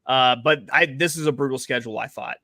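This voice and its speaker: A man's voice: mid-range voice, fast talker, vocal fry, sharp tone, no echo, clean studio sound. A man hosting a casual sports betting chat, talking in a chatty, playful way with frequent fillers. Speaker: podcast host.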